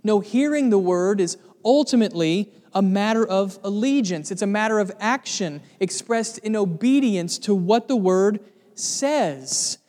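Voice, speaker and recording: High-voiced man preaching in a reverberant hall. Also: lively intonation, unhurried, darkish tone. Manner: earnest, building to emphatic repetition. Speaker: pastor. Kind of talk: sermon.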